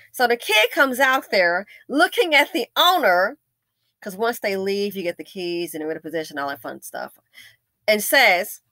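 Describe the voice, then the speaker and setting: A woman's voice: medium pitch, bright, forceful tone, no echo, studio quality. A woman host giving casual, opinionated commentary, telling a story with wry asides.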